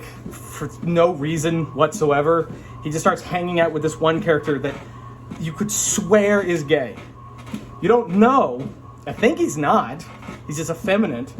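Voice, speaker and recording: A man talking casually to camera about a show he watched, his voice sitting a little high for a man. He rambles and restarts his sentences, frank and unpolished. A faint hum of room noise lies under his voice. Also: moderate pace. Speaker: vlogger reviewing an anime. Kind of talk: casual spoken review.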